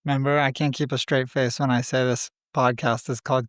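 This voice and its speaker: Smooth-voiced man hosting a casual podcast. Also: mid-range voice, little pitch movement, a little fast, no echo, clean studio sound. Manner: loose and joking, trails off mid-sentence. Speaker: podcast host.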